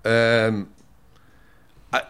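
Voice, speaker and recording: A man with a mid-pitched voice who speaks in a measured, conversational way. He often repeats words as he searches for what to say. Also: little pitch movement, a bit bright, clear, resonant tone. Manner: measured, repeats himself while finding words. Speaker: former prison officer, guest. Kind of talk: conversational discussion.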